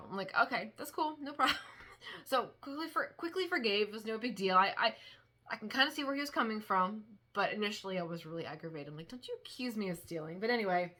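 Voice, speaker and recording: A woman's voice: medium pitch, sharp tone. A woman chatting casually at home as a vlogger, rambling with many restarts and fillers while showing thrift finds. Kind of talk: casual chat. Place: home dining room.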